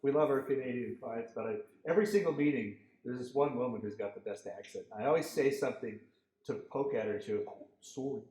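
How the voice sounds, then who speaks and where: A man's voice: mid-range voice, quick pace. Man telling stories in an echoey hall. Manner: storytelling, animated quoted voices. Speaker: guest lecturer, landscape architect. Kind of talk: lecture with anecdotes. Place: lecture hall.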